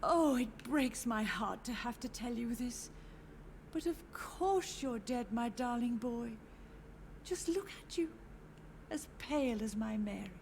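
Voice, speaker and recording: Brief: high, lively-voiced old mother, lost in grief, wistful and drifting, video game dialogue over loud score. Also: unhurried, creaky, slight background noise. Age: older. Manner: wistful, drifting, gently insistent. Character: frail grieving old mother, confused, haunted by her dead. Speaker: game character.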